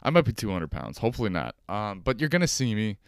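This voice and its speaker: A man's voice: fairly low pitch, big pitch swings, fast talker, vocal fry, clean tone, no echo, studio quality. A young man hosting a solo comedic podcast from his couch, ranting sarcastically and swearing often. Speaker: podcast host. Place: at home on a couch.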